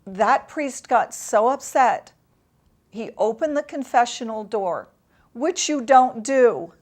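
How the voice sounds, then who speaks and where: A woman guest in an interview, telling a painful personal story in an emotional, halting way with long pauses. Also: a little high, expressive.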